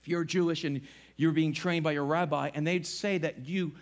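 Man, middle-aged, pastor, sermon, high-pitched, animated, church. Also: moderate pace. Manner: animated, acts out little voices. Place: church sanctuary.

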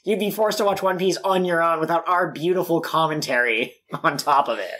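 A man hosting a comedy podcast, chatting in a playful, jokey way and pausing on fillers. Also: a little high, fairly bright tone. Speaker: podcast host.

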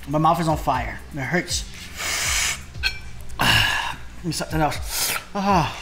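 A man's voice: on the high side, wildly swooping pitch, takes it slowly, pauses often, pushed and bright, faint music behind. A man vlogging a spicy food challenge in a casual way, groaning and exclaiming between bites. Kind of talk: casual mukbang vlog.

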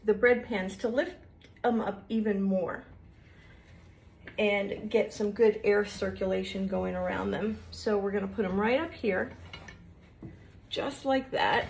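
A woman's voice: mid-range voice, measured pace, creaky, long pauses, a little hiss or hum. A middle-aged woman, chatting homey and friendly to viewers as she shows a recipe in her kitchen. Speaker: cooking show host. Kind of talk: casual cooking demonstration. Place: home kitchen.

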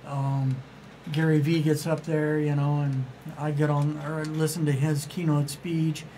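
A man with a voice pitched a touch above average talks as an author on a casual radio interview. He rambles through his stories with enthusiasm and plays out the dialogue he quotes. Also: little pitch movement, unhurried, warm tone, a little hiss or hum, rough recording.

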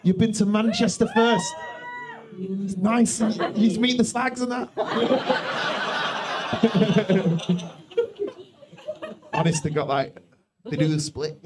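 High-voiced man teasing a club crowd. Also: drawn-out words, long pauses, heavy background noise. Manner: rambling, teasing, self-interrupting. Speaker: stand-up comedian. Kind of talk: crowd work with the audience. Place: comedy club stage.

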